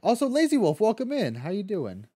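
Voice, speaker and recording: Lively, high-voiced male game streamer. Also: breathy edge. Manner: swears freely, laughs often, reacts quickly to chat. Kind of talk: casual live-stream chat, reading chat aloud.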